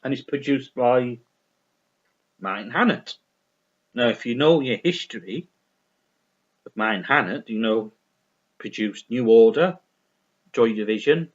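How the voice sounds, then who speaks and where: Animated yet measured, with long pauses, a man with a mid-range voice reviews vinyl he's bought in a casual, unscripted chat. He rambles and repeats himself, swears liberally and is full of enthusiasm, all captured on lo-fi audio.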